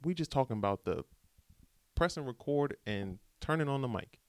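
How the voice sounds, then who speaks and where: A man's voice: mid-range voice, normal speed, no room sound. A man hosting a podcast, giving a casual, rambling motivational monologue in slangy American speech. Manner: animated, rambling, slangy pep talk. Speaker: podcast host.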